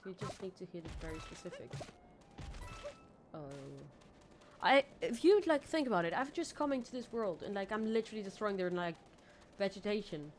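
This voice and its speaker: A woman streaming a video game, rambling and joking to herself, swinging from low mumbles to sudden squeals. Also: expressive, fairly quick, darkish tone, slight background noise. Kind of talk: casual let's-play commentary.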